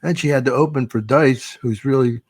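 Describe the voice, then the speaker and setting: A man's voice: mid-range voice, fairly quick, breathy edge, no room sound. Old comic guy rambling thru stories, swears a lot, dead dry sound. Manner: rambling storyteller, swears freely, acts out quotes. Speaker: veteran stand-up comedian, guest of honor. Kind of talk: casual podcast chat.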